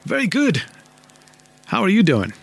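A man hosting a late-night call-in radio show, talking in a slow, intimate, musing way with many fillers. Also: high voice, wildly swooping pitch, creaky, slightly rough. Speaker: radio talk show host.

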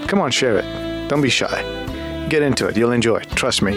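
A man hosts a relaxed radio talk show, joking with callers and co-hosts. His pitch moves widely as he talks. Faint music sits behind his voice. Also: fairly quick. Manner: laughs often, chatty and teasing.

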